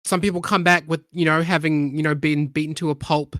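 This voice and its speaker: A man's voice: a little high, little pitch movement, a bit bright, no echo, studio quality. A man narrating as game master of a tabletop role-playing game, loose and full of fillers. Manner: loose, filler-heavy narration with quick voiced asides.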